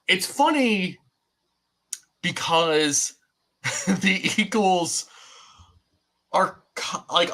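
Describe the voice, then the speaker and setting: A man's voice: lowish voice, pushed and bright. A young man co-hosting a sports podcast, chatting casually and rambling with fillers. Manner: rambling, many fillers and restarts. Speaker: podcast co-host.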